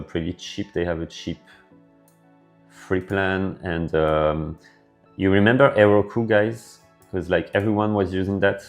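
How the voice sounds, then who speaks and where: A man with a French accent, hosting a casual developer livestream and answering viewer questions in a relaxed way with lots of fillers. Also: deep voice. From France. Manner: relaxed, filler-heavy, thinking aloud. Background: faint background music.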